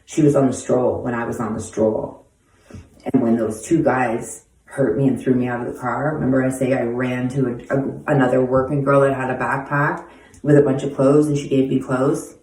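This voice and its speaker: Answering questions from viewers, a blunt woman in her forties tells life stories in casual monologue, cursing constantly and dropping street slang. Her very deep, slightly mellow voice stays level at normal speed. The room echoes, and her distance from the mic makes her sound far off.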